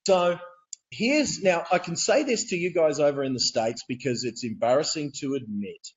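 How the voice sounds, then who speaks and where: A man with an Australian accent, a real estate coach telling stories as a guest on a video call, energetic and laughing as he goes. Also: a little high, normal speed, dull audio. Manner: energetic, laughing, repeats words. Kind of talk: animated storytelling.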